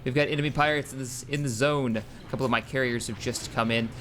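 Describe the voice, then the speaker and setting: A man hosting casual gameplay commentary, excitable and rambling, often correcting himself mid-sentence. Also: mid-range voice, fast talker, a little hiss or hum. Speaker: gaming channel host.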